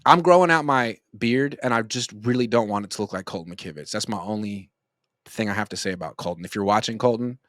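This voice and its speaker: A man's voice: lowish voice, brisk, fairly bright tone, no room sound. Joking man in his thirties, dry sound. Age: 30s. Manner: rambling, joking storyteller. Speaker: sports commentator. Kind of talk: casual sports commentary.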